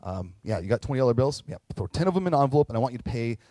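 A man's voice: mid-range voice, sing-song, rapid-fire, warm tone, no room sound, natural voice. A man voicing a wealthy male vineyard owner who talks in an easy, offhand way. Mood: breezy.

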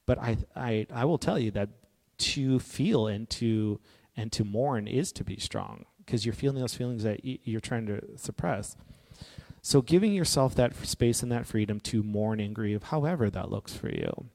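A man giving a reflective, personal talk in an earnest, gently encouraging way. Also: medium pitch, animated, moderate pace, creaky. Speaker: speaker on grief and healing. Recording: long hall reverb.

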